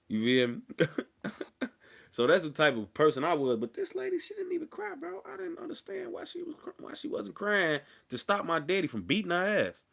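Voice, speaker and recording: Animated man telling a casual story. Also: fairly high pitch, fairly quick, creaky. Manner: animated, slangy, acts out quotes loudly. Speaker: interview guest.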